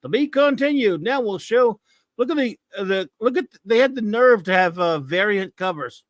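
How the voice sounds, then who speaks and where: A man's voice: high-pitched, lively intonation, moderate pace, dry recording, studio quality. A middle-aged American man hosting a comics talk show, ranting about a comic with mocking scorn. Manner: scornful, mocking, repetitive rants.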